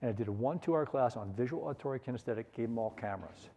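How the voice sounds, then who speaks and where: A middle-aged man leading a sales seminar, energetic and coaxing the audience to repeat phrases after him. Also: medium pitch, rapid-fire. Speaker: sales trainer. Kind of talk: conference seminar talk.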